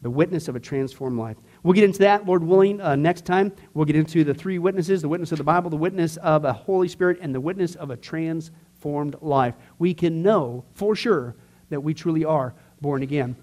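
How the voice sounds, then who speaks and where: A man teaching a church discipleship class, earnest and conversational, swinging from emphatic to quiet. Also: on the high side, brisk.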